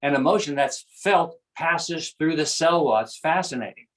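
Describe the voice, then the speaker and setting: A fairly high-pitched man with an animated, fairly bright tone speaks at normal speed on a low-quality recording. Appearing as a guest to discuss self-awareness, he explains things earnestly in conversation, repeating phrases often.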